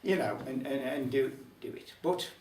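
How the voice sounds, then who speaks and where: A man's voice: mid-range voice, lively intonation, moderate pace, darkish tone, a little hiss or hum. An older man with a Black Country accent telling a humorous folk tale at a folk club, chatty with wry asides. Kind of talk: humorous storytelling to a live audience. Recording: roomy club hall from a distance.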